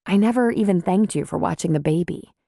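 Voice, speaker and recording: A woman's voice: fairly low pitch, fairly quick, gravelly, dark tone, dry recording, studio quality. A woman voicing an earnest, troubled city nurse practitioner in an audiobook.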